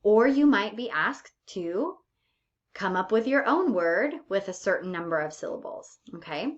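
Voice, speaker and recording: A woman teacher giving a recorded lesson, speaking patiently and drawing out her example words. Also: lowish voice. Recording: dull lo-fi recording.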